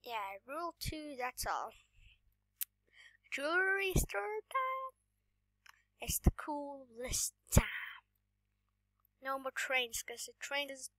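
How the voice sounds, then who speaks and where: A gaming YouTuber gives casual gameplay commentary while sick, coughing now and then, excitable and often dropping to a whisper. Her voice sits high and sounds off today, with no room sound.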